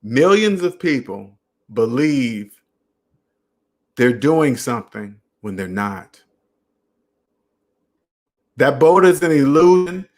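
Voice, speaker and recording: A man's voice: medium pitch, sing-song, slow, long pauses. A young adult man hosting a casual personal finance live stream, talking straight to viewers and repeating phrases for emphasis.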